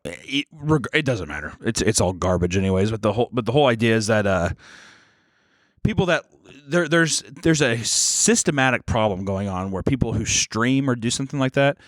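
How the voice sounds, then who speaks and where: A man's voice: mid-range voice, animated, a little fast, dry recording, clean studio sound. A man co-hosting a podcast, talking in casual banter that is profane and rambling, with frequent restarts. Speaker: podcast co-host.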